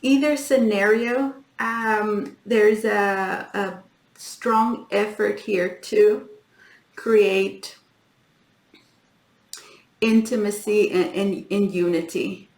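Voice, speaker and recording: A woman giving a tarot reading to her viewers, talking in halting starts and repeats and often addressing them as guys. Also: mid-range voice, fairly even intonation, echoey room. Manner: halting, repeats herself, keeps saying "guys". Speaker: tarot reader.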